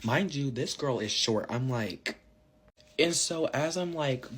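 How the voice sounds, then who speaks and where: A man's voice: medium pitch, lively intonation, slow, breathy edge. A man telling a casual storytime to his followers, slangy and rambling, full of fillers. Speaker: social media storyteller.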